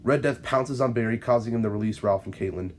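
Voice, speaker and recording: A man's voice: mid-range voice, fast, slight background noise. A man hosting his channel, reading out a fan-written episode script in a plain, matter-of-fact way. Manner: plain, matter-of-fact narration with small slips. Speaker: channel host and narrator.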